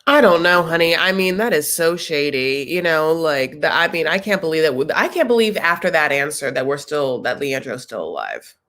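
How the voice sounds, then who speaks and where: A woman's voice: deep voice, expressive, moderate pace, hardly any pauses, a bit bright. A woman hosting a casual live reaction chat, chatty and sassy, tossing out jokes and asides as she recaps. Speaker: recap show host.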